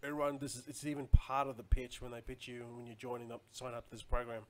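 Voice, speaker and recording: A man's voice: mid-range voice, little pitch movement, quick pace, a bit bright, a little hiss or hum. A man chatting casually on a live stream, rambling loosely and answering viewer comments as he goes.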